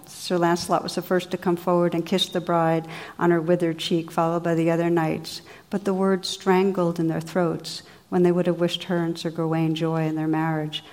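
Calm woman narrating a storybook tale. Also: fairly low pitch.

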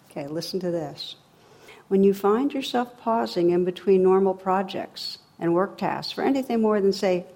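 A woman giving a reflective talk on meditation in a relaxed, conversational way, with dry sarcasm and frequent laughs. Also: mid-range voice.

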